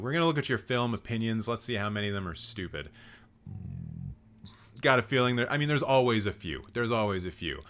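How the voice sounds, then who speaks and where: A man's voice: lowish voice, a bit bright. A man hosting a live stream, giving blunt, sarcastic commentary and swearing freely. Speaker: host.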